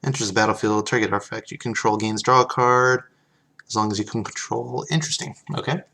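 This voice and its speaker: A man's voice: on the low side, fairly even intonation, quick pace, vocal fry, sharp tone. A man casually chatting on a live stream, reading card text aloud and thanking viewers as he opens packs.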